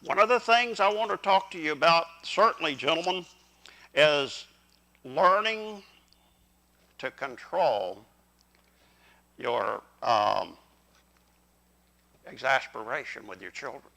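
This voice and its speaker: Animated, gravelly preacher man. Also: a little high, takes it slowly, pauses often, low-quality recording. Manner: folksy, animated preaching that calls out to the congregation. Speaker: pastor. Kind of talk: sermon. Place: church sanctuary.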